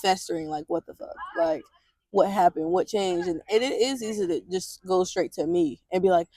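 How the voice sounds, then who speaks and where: A woman hosting a casual podcast chat, blunt and expressive, swearing freely. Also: lowish voice, normal speed, dry recording. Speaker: podcast host.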